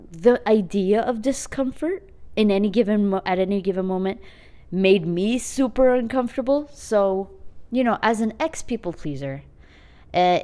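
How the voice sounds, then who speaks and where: A young adult woman hosting her own podcast, talking alone in a chatty, self-mocking way with quick asides. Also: mid-range voice, warm tone. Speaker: podcast host. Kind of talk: casual solo podcast monologue.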